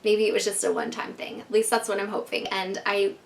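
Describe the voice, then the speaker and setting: A woman's voice: medium pitch, fast talker, creaky. A woman in her thirties telling a storytime vlog to her viewers in a casual, swearing way, filling her talk with "like". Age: 30s. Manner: casual, fills every phrase with "like" and swears freely. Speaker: vlogger.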